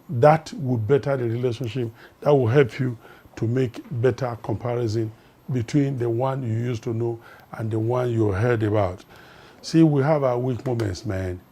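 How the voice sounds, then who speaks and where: An older man, a life coach and pastor, giving a recorded motivational teaching talk. He speaks emphatically, slows down and pauses on stressed words, and repeats key phrases. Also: medium pitch, mellow.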